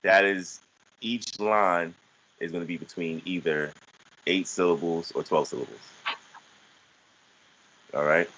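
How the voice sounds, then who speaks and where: A man's voice: low voice, a bit bright, a little hiss or hum, poor audio. A man teaching an online class, explaining step by step with frequent restarts and fillers. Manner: halting, many restarts and fillers.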